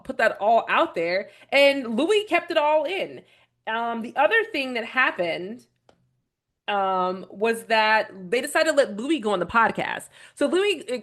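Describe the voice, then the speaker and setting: A woman hosting a casual video commentary, talking bluntly with strong opinions and swearing freely as she rambles through her points. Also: mid-range voice. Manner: rambling with restarts, animated retelling. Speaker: vlog host reviewing a documentary.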